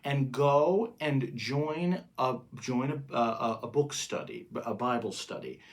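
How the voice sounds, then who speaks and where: A man co-hosting a podcast as a pastor, talking in a casual, earnest way and slowing down to stress his points. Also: medium pitch. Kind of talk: casual chat.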